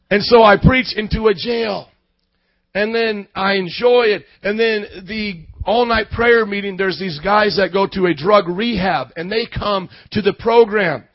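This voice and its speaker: A man preaching, telling his story in a sermon, from quiet storytelling up to shouted passion. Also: high voice, normal speed, no echo, dull audio. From Indiana suburb. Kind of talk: sermon testimony.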